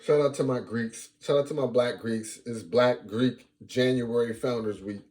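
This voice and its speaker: A man's voice: medium pitch, normal speed. A young man hosting a casual sports fan vlog, talking playfully and repeating lines for emphasis. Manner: animated, playful trash talk.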